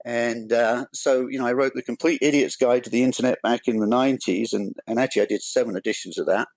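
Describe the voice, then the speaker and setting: A man's voice: mid-range voice, steady tone, fast talker, a little mellow, no echo, low-quality recording. An older man with an English accent, a guest author being interviewed on a podcast, telling stories with dry, self-deprecating humor. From England.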